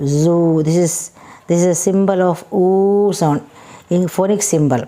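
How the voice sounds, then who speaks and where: A woman teaching a phonics lesson to young children, spelling out letters and repeating each word slowly. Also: fairly low pitch, steady tone, mellow. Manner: slow, repetitive, spells out letters.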